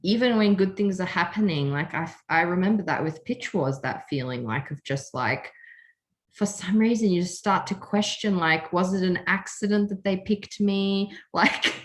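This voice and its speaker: A woman's voice: on the low side, normal speed. A woman hosting a podcast, chatting casually and effusively, often laughing and emotional. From Australia. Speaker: podcast host. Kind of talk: casual chat.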